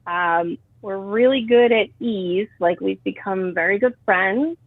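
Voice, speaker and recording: A woman's voice: mid-range voice, unhurried, dry recording. Woman calling in, earnest, kinda hesitant, thin dry phone sound. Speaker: caller. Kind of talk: phone call to a live show. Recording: tinny dry phone line.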